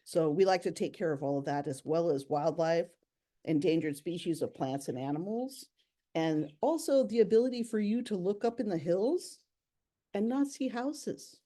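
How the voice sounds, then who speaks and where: A woman's voice: lowish voice, warm tone. A young woman on park education staff, giving a bubbly, chatty virtual nature presentation over a computer microphone. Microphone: computer mic on a video call.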